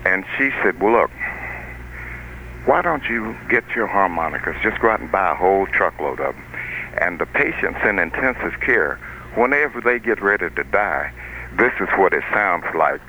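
A man's voice: sits low, animated, moderate pace, pushed and bright, a little hiss or hum. An older man calling in to a radio show by telephone, telling long jokes in a folksy, drawling storyteller way. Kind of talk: casual joke telling on a call-in radio show. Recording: muffled phone line.

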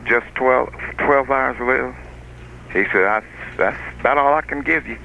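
A man's voice: mid-range voice, normal speed, creaky, a little hiss or hum. An older man calling in to a radio show by telephone, telling long jokes in a folksy, drawling storyteller way. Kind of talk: casual joke telling on a call-in radio show. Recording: muffled phone line.

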